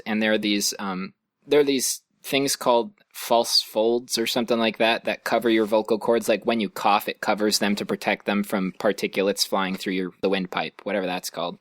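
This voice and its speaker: Soft-spoken young man, low voice. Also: no echo, clean studio sound. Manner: modest, laughs often, trails off quietly. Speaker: podcast host. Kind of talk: casual chat. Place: sitting on the floor of his room.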